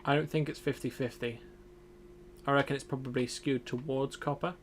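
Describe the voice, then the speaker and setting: A man's voice: mid-range voice, fairly even intonation, moderate pace, a little hiss or hum. A young man streaming a survival game, casually thinking aloud as he plays. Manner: thinks aloud, muttering to himself. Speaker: gaming streamer. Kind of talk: casual gameplay commentary.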